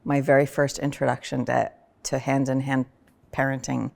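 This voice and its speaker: A woman chatting on a podcast, telling personal stories in an animated way with sudden loud vocal bursts. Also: rumbling low, moderate pace, gravelly. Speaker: podcast guest, host's wife. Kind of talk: casual personal conversation.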